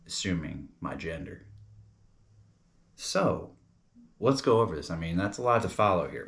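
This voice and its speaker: A man's voice: sits low, animated, moderate pace, gravelly, pauses often, bright, forceful tone. A young man from New York chatting casually as a comedy reviewer, rambling and loose, calling people bro and dude.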